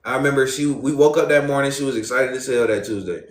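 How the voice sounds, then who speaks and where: A young male streamer telling a storytime to his live chat. He talks in loose, profane street slang at a mid pitch and addresses viewers directly, and the sound has a noticeable room echo. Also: fast. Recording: roomy echo.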